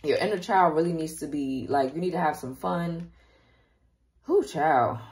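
A woman's voice: low-pitched, a little fast, darkish tone. A woman giving a casual tarot reading straight to her viewers, chatty and openly emotional. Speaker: tarot reader.

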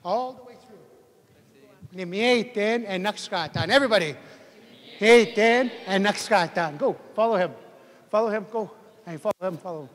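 A man with a high-pitched voice speaks at a moderate pace, pausing often, while leading a language class in a spoken greeting drill. He's encouraging, chuckles frequently and repeatedly asks for more volume, with long hall reverb on the recording.

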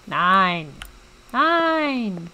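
Bright, animated young woman streamer. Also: medium pitch, drawn-out words, clear, resonant tone, dull audio. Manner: chatty, jumpy, talks to viewers while playing. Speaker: game streamer. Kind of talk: let's play commentary.

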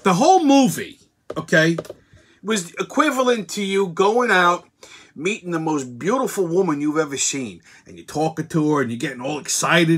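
A man's voice: high-pitched, fairly bright tone, slightly rough. A man hosting his show, ranting bluntly and crudely about a movie with constant swearing. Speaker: show host. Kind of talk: profane movie rant.

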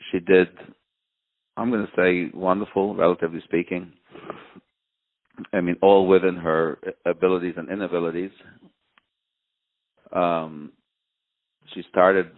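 A middle-aged man, grieving, telling a personal story in an interview, halting and searching for words, his voice close to breaking. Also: sits low. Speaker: bereaved father, interview guest. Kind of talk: emotional personal testimony. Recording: narrow phone-like line.

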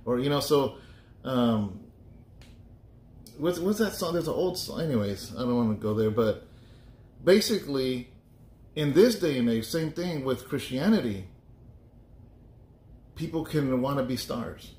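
A man's voice: mid-range voice, animated, measured pace, long pauses, darkish tone. Chatty pastor man in an echoey room. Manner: chatty and joking, thinks aloud with restarts. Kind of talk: casual Bible study talk.

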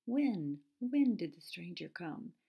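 A woman's voice: fairly low pitch, very animated, slow pace, creaky, slightly rough, highs cut off, exaggerated voice. A woman voicing an inquisitive storybook owl that repeats its question words. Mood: curious.

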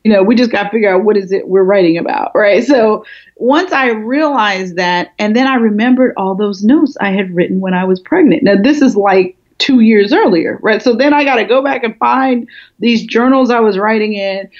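A woman's voice: medium pitch, normal speed. A woman guest, a small business expert, telling her story in a casual interview and acting out what people said. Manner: animated storyteller acting out quotes. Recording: muffled lo-fi audio.

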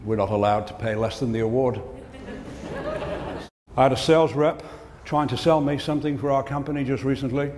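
A man's voice: medium pitch, fairly quick, a little mellow, a little hiss or hum. A man giving a comic business keynote at a conference, delivering jokes and punchlines. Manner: joke-telling, punchline delivery. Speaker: keynote speaker. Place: conference hall. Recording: reverberant hall, faint ambience.

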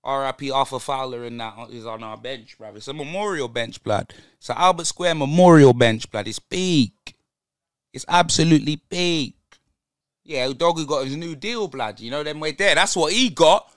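A man's voice: on the high side, moderate pace, clear, resonant tone, no room sound, clean studio sound. A young man giving a live, slang-heavy football match reaction. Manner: excitable, slang-heavy banter. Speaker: football fan channel host.

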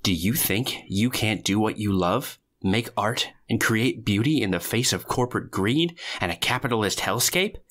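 A man guesting on a podcast, playful and animated, swearing for effect. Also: on the low side, moderate pace, few pauses. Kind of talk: casual podcast chat.

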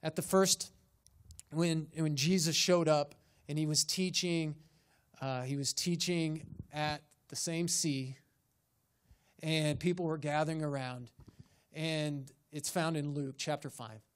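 A man's voice: fairly high pitch, fairly even intonation, slow pace, smooth. A man, a pastor, preaching a sermon and pressing his congregation with rhetorical questions and rising emphasis in a church sanctuary.

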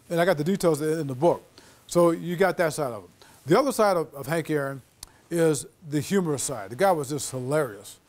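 A man's voice: a little high, fast. A middle-aged man giving a storytelling lecture to students as a guest author, acting out quoted dialogue. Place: lecture hall.

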